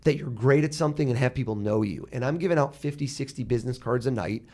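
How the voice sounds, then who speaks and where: A rapid-fire American man in his thirties, chatting as a podcast guest. His pitch sits in an ordinary middle range. He tells stories with animation and slips into the voices of people he quotes. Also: a little mellow. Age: 30s. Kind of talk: conversational storytelling.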